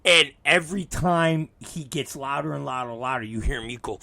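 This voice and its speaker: Speaking at normal speed with hardly any pauses, this male host has a fairly high, creaky voice. He animatedly acts out the dialogue in a comic story packed with heavy swearing.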